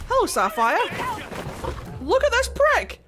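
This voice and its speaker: A woman with a Scottish accent streaming a game from home, chatting casually with viewers, excitable and swearing freely. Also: very high-pitched, slow, very noisy. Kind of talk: casual livestream chat while playing.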